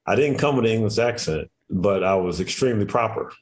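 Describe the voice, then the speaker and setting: A man in his forties, a former athlete, talking in a relaxed, rambling, reflective way as a radio show guest. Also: lowish voice, brisk. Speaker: guest, former basketball player and coach. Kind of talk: casual interview chat.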